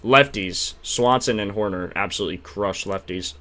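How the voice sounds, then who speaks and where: A young man live-streaming casual chat about betting picks, excitable and slangy, thanking subscribers and trailing off into mumbled fillers. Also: fairly low pitch, moderate pace.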